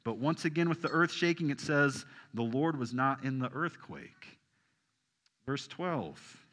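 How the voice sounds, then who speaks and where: A man preaching a sermon to a congregation, asking them questions and swinging from loud emphasis down to soft, hushed lines. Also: mid-range voice, unhurried, big-room sound. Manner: animated, rising loud for emphasis then dropping soft. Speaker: pastor.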